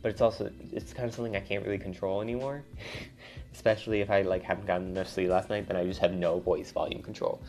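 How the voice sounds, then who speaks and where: A young man, a college student, venting in a rambling, casual monologue, swearing often and getting louder as he gets worked up. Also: low voice, level tone, fast, faint music behind. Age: young adult. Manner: rambling, swears a lot, voice climbs when riled up.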